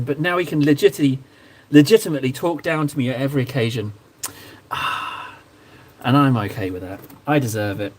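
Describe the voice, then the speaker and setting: A man's voice: a little high, animated, moderate pace, fairly bright tone. Playful man chatting on a livestream. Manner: playful, self-mocking, jokey banter. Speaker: livestream host painting miniatures. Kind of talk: casual livestream chat, reading out chat.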